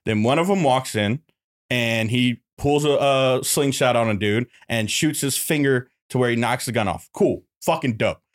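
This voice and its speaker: Casting: man, podcast guest, animated, salty storyteller, mid pitch. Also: moderate pace. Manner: animated, swearing, laughing. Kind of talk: casual podcast chat.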